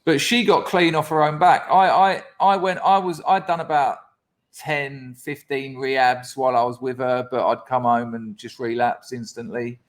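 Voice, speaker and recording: A man's voice: medium pitch, fairly even intonation, moderate pace. A man, a podcast guest telling his story candidly and bluntly, swearing often and acting out what others said. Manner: blunt, sweary storytelling, acts out quoted voices.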